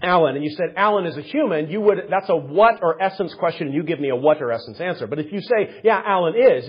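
Man, theology lecture, rambling and self-correcting, raspy voice, muffled recording. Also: a little high. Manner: discursive, self-correcting, with rhetorical questions and asides. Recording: dull lo-fi recording.

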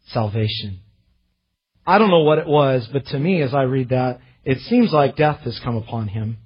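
A male pastor preaching a sermon, impassioned and slowing down to stress the scripture he reads, heard in a church. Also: a little high, breathy edge, lo-fi sound. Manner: impassioned, slows to emphasize scripture.

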